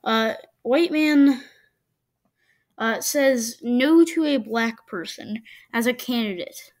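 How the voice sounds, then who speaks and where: A woman giving casual reaction commentary to videos, arguing her points with frequent stops and restarts. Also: on the high side. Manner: halting, argumentative, many restarts.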